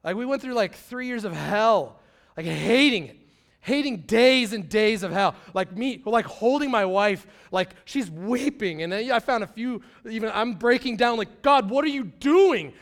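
A man's voice: sits high, animated, normal speed. A man, preaching a sermon as a pastor and telling a personal story in a casual, slangy way, acting out quotes with big swings in volume.

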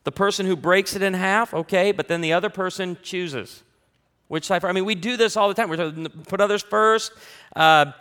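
A male pastor preaching in an animated way, with a voice a little higher than most men's. He tells humorous family stories and breaks into loud, acted-out quotes. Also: moderate pace, clear, resonant tone, in a large hall.

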